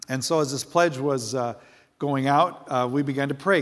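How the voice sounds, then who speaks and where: A man's voice: mid-range voice, moderate pace, a bit bright. A middle-aged man, a pastor, preaching a sermon and telling a personal story, acting out the dialogue and building to emphatic preaching.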